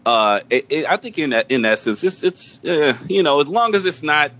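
A man co-hosting a podcast in casual chat, speaking haltingly with many restarts and fillers. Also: on the high side, very animated, fairly bright tone. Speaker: podcast co-host.

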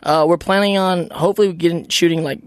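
A man chatting as a podcast guest, an actor and producer telling animated stories. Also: sits high, fast talker, no room sound. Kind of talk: casual podcast chat.

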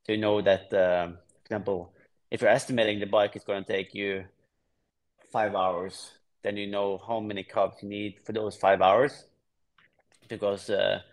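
Relaxed man from Norway, low voice. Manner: relaxed, explains plainly with frequent restarts. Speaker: guest triathlete. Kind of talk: casual podcast interview.

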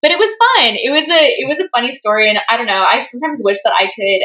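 A young woman co-hosts a casual podcast. Her voice is bright and a touch high, and she keeps her storytelling chatty, with plenty of fillers. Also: expressive, fast. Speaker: podcast co-host. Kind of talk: casual chat.

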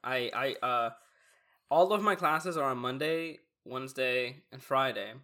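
A man's voice: mid-range voice, measured pace. A young man and college student hosting a casual chat, asking easy questions and laying out his thoughts. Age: young adult. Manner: relaxed, prompting questions, lays out his thoughts.

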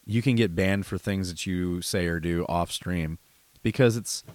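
A man's voice: sits low, a little slow, a little mellow, no room sound. A man co-hosting a podcast, a streamer talking in rambling, profane, emphatic casual chat.

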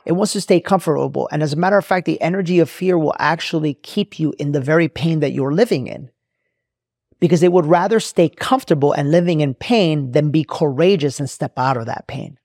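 A man's voice: fairly high pitch, brisk, a little mellow, no echo, studio quality. A man hosting a podcast, telling a personal story in an emphatic, preachy way and repeating his phrases for effect. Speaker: podcast host. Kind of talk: motivational storytelling monologue.

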